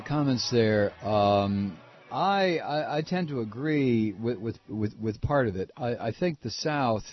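A man's voice: mid-range voice, no echo, highs cut off. A man hosting a talk radio show, speaking casually. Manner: brief acknowledgements, casual.

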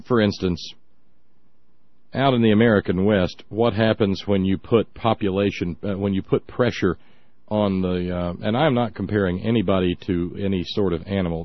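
A man's voice: deep voice, moderate pace, dry recording. A man hosting a talk show, mocking the clips he plays and breaking into laughter and silly voices, on a dull lo-fi recording. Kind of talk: sarcastic commentary on clips.

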